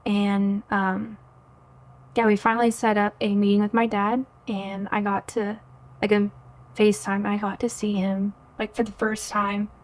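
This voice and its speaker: A woman's voice: mid-range voice, level tone, a little slow. A woman in her twenties, a podcast guest, telling her personal faith story in an earnest, chatty way and often quoting her own thoughts. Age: 20s. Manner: earnest, chatty, full of "like" and quoted inner thoughts.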